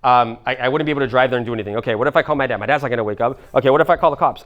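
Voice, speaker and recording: A man's voice: mid-range voice, racing, fairly bright tone. A man in his twenties telling a story at a seminar, casual and rambling, swearing now and then. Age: 20s. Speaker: motivational speaker.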